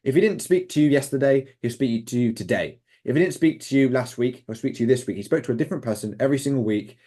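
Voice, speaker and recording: A man's voice: mid-range voice, fast talker, mellow. A young British man talking as an interview guest, telling set stories with lots of fillers. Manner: enthusiastic, rambling, lots of fillers and quoted voices. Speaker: interview guest, former extra. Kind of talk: casual interview storytelling.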